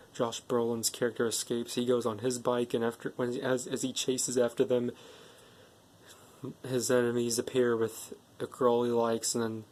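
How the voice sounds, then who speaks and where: A movie reviewer recaps a film casually, drifting from one plot point to another and linking his clauses with "and then" and "like." His voice is mid-pitched and slightly mellow, and his tone stays plain and conversational the whole way.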